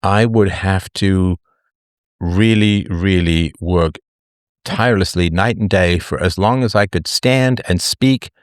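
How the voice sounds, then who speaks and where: A man's voice: deep voice, slow pace, no echo. A middle-aged man hosting a live talk show, musing aloud in a jokey way, full of fillers and restarts. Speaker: host.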